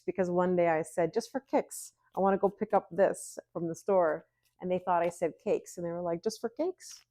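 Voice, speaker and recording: A woman's voice: lowish voice, gravelly, darkish tone, dry recording. A woman doing a solo tarot reading, chatty and giggly, musing aloud with lots of hmms. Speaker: tarot reader.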